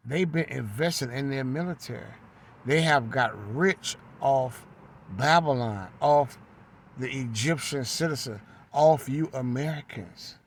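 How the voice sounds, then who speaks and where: Slow, emphatic male street preacher. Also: medium pitch, a little hiss or hum. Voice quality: repetitive, emphatic, tags lines with "right?". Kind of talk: fervent sermon on the go.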